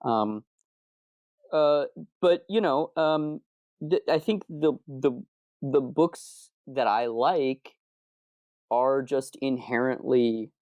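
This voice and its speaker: A man's voice: medium pitch, slow, pauses often, darkish tone, no room sound, dull audio. A man from Arizona, a comic book co-creator, chatting loosely in an interview, rambling and correcting himself. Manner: rambling, self-correcting, candid. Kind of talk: casual interview chat.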